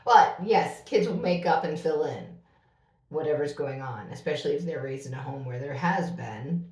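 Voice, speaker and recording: A middle-aged woman with a low voice speaks bluntly and earnestly. She sits a bit back from the mic, and the room gives her voice an echo. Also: expressive, moderate pace, a little mellow, distant mic. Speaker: podcast co-host. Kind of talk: casual conversation.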